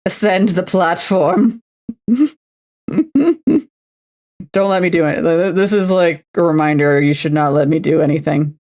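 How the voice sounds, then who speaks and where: A woman's voice: sits low, level tone, a little fast, hardly any pauses, darkish tone. A Canadian woman in her twenties chatting on a livestream while painting a model, playful and self-mocking. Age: 20s. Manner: playful and self-mocking, slips into announcer voices. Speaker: streamer. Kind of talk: casual livestream chat while painting a miniature.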